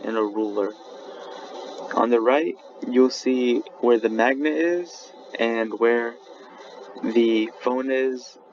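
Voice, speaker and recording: A man's voice: mid-range voice, darkish tone. A young man, a student, walks through his lab report in a recorded slide presentation, often restarting words and correcting himself. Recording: dull lo-fi audio with faint background noise.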